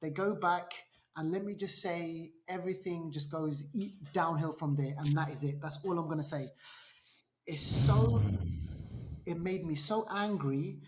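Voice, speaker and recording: A man's voice: a little high, a little slow, slight background noise. A man co-hosting a podcast, casually retelling a film plot with lots of restarts and acted-out lines. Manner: animated storyteller, acts out quotes, many restarts. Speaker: podcast co-host. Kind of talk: casual film review chat.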